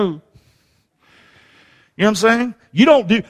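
A male pastor preaching in a church sanctuary, his voice ringing out with a long hall reverb. He sits high for a man and swoops widely in pitch, dropping to near-hushed lines and then climbing to shouts. He leans on call-and-response, urging the room to say the words back to him. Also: animated, unhurried, pauses often. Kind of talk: sermon.

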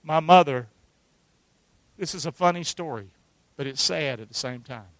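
A man preaching a sermon to his church, talking conversationally with rhetorical questions and swinging from hushed asides to loud, emphatic lines. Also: a little high, moderate pace, no echo. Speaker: pastor. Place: church sanctuary.

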